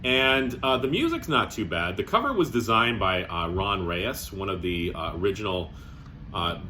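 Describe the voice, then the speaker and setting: A man's voice: lowish voice, sing-song, moderate pace, sharp tone, slight background noise. A man talking casually to the camera as a record-collecting vlogger, chatty and joking. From Canada. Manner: chatty, joking, fond of strong language.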